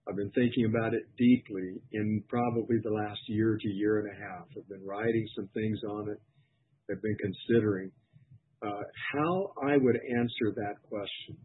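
Middle-aged guy preaching, earnest and reflective, husky low voice, tinny phone-like audio. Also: steady tone, normal speed. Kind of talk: personal testimony sermon.

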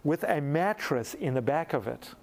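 A middle-aged man preaches through a personal story. He tells it with animated energy, and his voice climbs higher as he laughs along. His voice sits slightly above the usual male pitch. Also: normal speed. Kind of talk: storytelling sermon.

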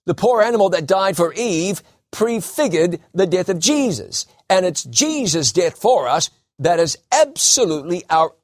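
A man preaching a sermon, emphatic, slowing down and repeating key phrases for stress. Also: a little high, no room sound, studio quality.

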